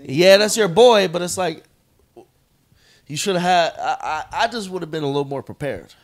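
A man trades banter in a casual podcast chat. His pitch is lively and rather high. He reacts with quick comments.

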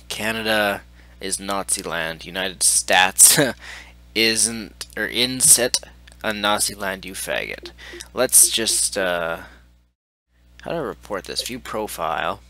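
A man's voice: fairly low pitch, sharp tone. A man hosting a gaming video, reading messages aloud and ranting about them in a profane, exasperated tone. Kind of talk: angry commentary reading out messages.

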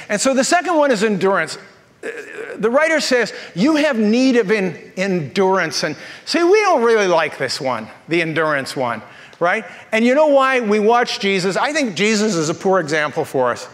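High-voiced joking pastor in a hall. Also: male voice. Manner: jokey, animated storyteller. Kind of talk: humorous sermon storytelling. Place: church auditorium. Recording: reverberant church hall.

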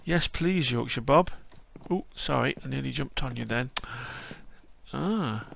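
A man's voice: medium pitch, a little slow, creaky, a bit bright. A man narrating a casual walkthrough as host, chatty and whimsical.

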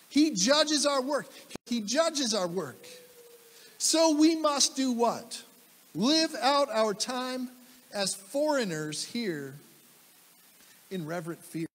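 High, lively male pastor preaching. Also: long reverb tail. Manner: emphatic, repeats key phrases, asks the congregation questions. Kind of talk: sermon. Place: church sanctuary.

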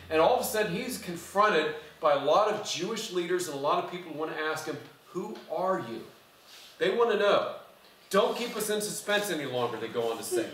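Echoey preacher speaking from afar. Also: male voice, fairly high pitch, fairly bright tone. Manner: conversational preaching, quizzes the congregation. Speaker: pastor. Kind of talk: sermon. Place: church sanctuary. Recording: echoey church from far off.

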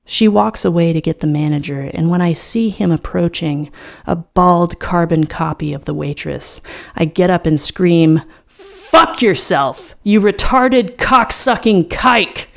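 A woman reading a novel aloud as a dramatic audiobook, in a slow, deliberate, low-key delivery. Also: gravelly, a little mellow. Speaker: audiobook reader.

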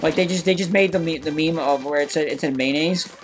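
A co-host chatting through a match, talking in halting bursts full of restarts and casual swearing. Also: mid-range voice, faint music behind. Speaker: let's play co-host. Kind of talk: casual gaming commentary.

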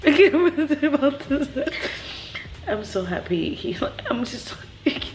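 A woman's voice: sits high, big pitch swings, normal speed, slight background noise, poor audio. A young woman vlogging in a casual chat, emotional and close to tears. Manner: emotional, tearful, laughing.

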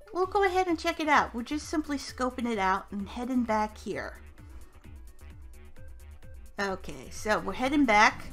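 A woman's voice: on the high side, pushed and bright. A woman hosting a casual let's-play, chatty and upbeat, narrating each step of the game aloud. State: hiccups. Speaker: gaming channel host. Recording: faint music behind.

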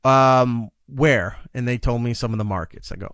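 A man's voice: medium pitch, normal speed, few pauses, smooth, no room sound, studio quality. A man talking as a podcast guest and radio broadcaster in casual conversation, telling stories emphatically and acting out the dialogue. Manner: animated storytelling, acting out dialogue; emphatic, exasperated about work demands.

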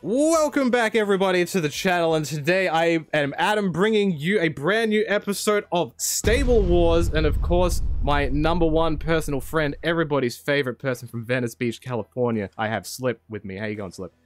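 A man's voice: fairly high pitch, moderate pace, few pauses, a little hiss or hum. An Australian man hosting a casual gaming video, upbeat and teasing, laughing often. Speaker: host.

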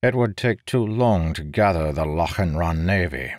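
A man doing a gruff, proud nobleman. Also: low voice, animated, normal speed, darkish tone, no room sound, clean studio sound, pitched above the performer's own voice. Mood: guarded. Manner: curt, growling, guarded. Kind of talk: audiobook character voice.

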